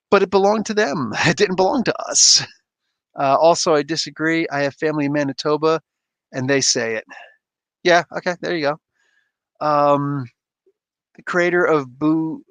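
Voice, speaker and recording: A man's voice: fairly high pitch, a bit bright, no echo. A man hosting a livestream, chatting casually and reading viewer comments aloud, often laughing and poking fun at himself. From Canada. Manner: laid-back, laughs often, self-deprecating. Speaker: livestream host.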